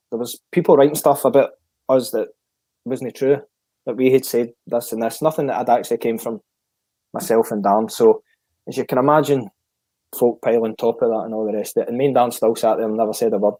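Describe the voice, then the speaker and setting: Scottish guy spinning a yarn, warm low-key tone, dry close sound, acts out the convo. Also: no echo. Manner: lively storyteller who acts out the dialogue he retells. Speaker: guest, former footballer. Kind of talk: casual storytelling.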